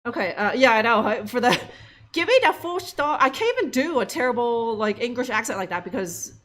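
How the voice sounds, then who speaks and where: A woman's voice: on the high side, expressive, a little fast, fairly bright tone. A young woman streaming a game live, giving sarcastic, profane commentary full of laughs and fillers.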